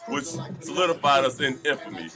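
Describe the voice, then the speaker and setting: A man's voice: medium pitch, big pitch swings, a little fast, crowd noise. A man who raps in a group, talking casually in a radio interview, boastful and playful about his music. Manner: boastful, playful self-promotion. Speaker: rapper, group member.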